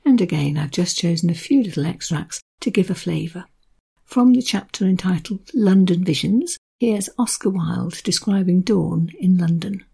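A woman's voice: on the low side, moderate pace, mellow. A woman presenting a book review in a conversational, explanatory way, reading short extracts aloud. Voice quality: gravelly.

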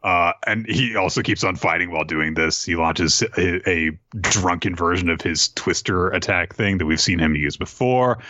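A man hosting a podcast and casually recapping an episode in an animated way, with quick asides, on a dull lo-fi recording. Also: deep voice, dry recording. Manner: animated, retelling fight scenes with quick asides. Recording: dull lo-fi sound.

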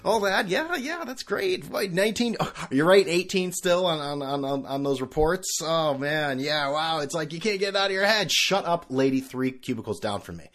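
A man's voice: a little high, animated, normal speed, few pauses, a bit bright. A man hosting his own podcast, ranting and joking through a solo monologue with sarcastic asides. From California. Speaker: podcast host.

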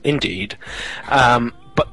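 A man's voice: mid-range voice, slow, bright, forceful tone, slightly rough, rough recording. A man co-hosting a podcast in casual chat, rambling, joking and correcting himself as he goes. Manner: rambling, jokey, self-correcting. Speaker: podcast co-host.

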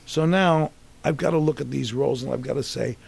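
An actor in his sixties, a guest in a casual interview, tells rambling stories about his career. His medium-pitched voice is gravelly with a breathy edge, and he talks briskly, animated and restarting as he goes.

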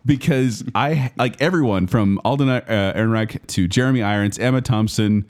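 A man co-hosting a casual podcast, opinionated and animated as he talks about films he dislikes. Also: on the low side, brisk. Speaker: podcast co-host. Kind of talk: casual chat. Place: studio with headphones.

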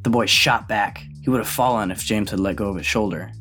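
A man reading a novel aloud in a steady, even narrating voice. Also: on the low side, fairly quick, few pauses, soft background music. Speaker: audiobook reader.

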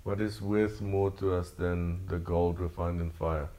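A man's voice: low voice, fairly even intonation, unhurried, mellow. A man preaching a sermon to his congregation, earnest and repetitive in cadence. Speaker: pastor.

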